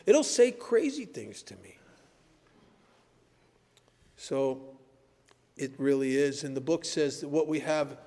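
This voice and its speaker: In an echoey meeting hall, an older man gives an earnest, blunt personal talk at a recovery meeting, telling stories and driving home his points with sudden emphasis. His voice is on the high side and warm, with lively intonation, a slow pace and long pauses.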